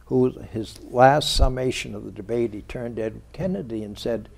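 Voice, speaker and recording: In a local TV studio interview, a male publisher tells anecdotes and recounts conversations by quoting the people involved. His mid-range voice is creaky and somewhat dark, at a normal speed.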